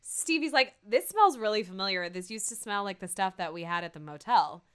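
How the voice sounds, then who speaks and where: A woman's voice: mid-range voice, expressive, brisk, fairly bright tone, smooth. A woman chatting casually as a podcast co-host, recapping a TV episode, laughing often and acting out the characters' lines.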